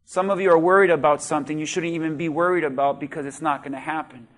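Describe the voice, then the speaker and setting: A man's voice: a little high, fairly even intonation, fast talker, fairly bright tone. A man preaching a sermon as pastor, reading scripture and asking the congregation questions with rising intensity. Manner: talks directly to the congregation with questions.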